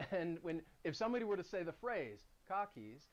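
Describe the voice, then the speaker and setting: A woman English pronunciation teacher who explains slowly and deliberately and demonstrates each sound aloud. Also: fairly low pitch, lively intonation, dull audio, a crowd in the background. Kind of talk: explanatory lesson.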